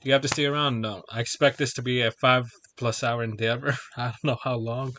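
A man's voice: mid-range voice, fairly even intonation, brisk, fairly bright tone, slight background noise. A man chatting casually on a game livestream, rambling and chuckling as he sorts out technical problems. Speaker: gaming streamer.

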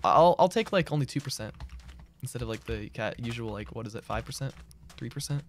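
A man's voice: mid-range voice, animated, brisk, slight background noise. A man streaming a game live, chatting casually and reading out and answering his chat. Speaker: gaming streamer. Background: game music and keyboard typing.

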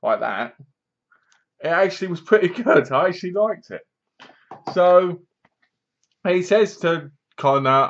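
A man's voice: medium pitch, lively intonation, moderate pace, fairly bright tone. Rambling young man, lo-fi. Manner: rambling, chatty retelling with fillers like "basically" and "like". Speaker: film reviewer. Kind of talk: casual spoken movie review.

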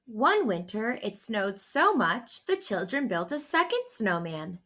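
Lady reading a kids picture book out loud, bright tone, lots of ups and downs. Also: medium pitch. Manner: slow, gentle and expressive. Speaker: storyteller. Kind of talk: children's picture book read-aloud.

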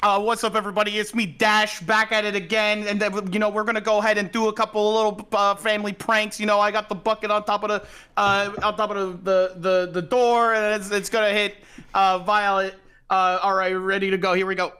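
A woman's voice: medium pitch, little pitch movement, fairly quick, fairly bright tone, clean tone, natural voice. Woman doing a brash New York boy vlogger. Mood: hyped. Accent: put-on New York. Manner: hyped showman, pranking. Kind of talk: improv comedy.

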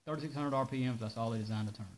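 A man hosting a casual live stream, ranting in an animated way and reading out viewer comments. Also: medium pitch, racing, slight background noise, rough recording. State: out of breath. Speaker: host of a live parts-shop video.

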